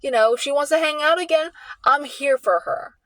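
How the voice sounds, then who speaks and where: Woman, higher-pitched, rambling and halting, emotional personal vlog, dry close sound. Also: fairly bright tone, no room sound. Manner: rambling, halting, with many restarts and repeats.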